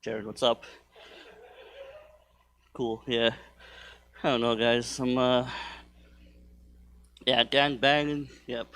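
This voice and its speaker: A man's voice: fairly even intonation, slow, pauses often, fairly bright tone, clear, resonant tone. A young man doing a stand-up comedy set in a club, rambling through stories with lots of fillers and self-deprecating asides. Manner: rambling, filler-heavy, self-deprecating, with bursts of high-pitched put-on voices.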